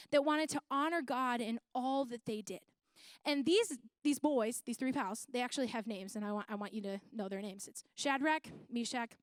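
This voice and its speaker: A woman's voice: sits high, a bit bright, no echo. A young woman giving a playful, slangy youth sermon, retelling a Bible story in casual terms. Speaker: youth speaker.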